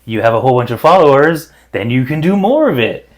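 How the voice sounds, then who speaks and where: A man co-hosting a podcast in casual chat over drinks, talking in a measured, wry way with dry pushback, recorded on an indoor podcast set. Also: medium pitch, very animated. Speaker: podcast co-host.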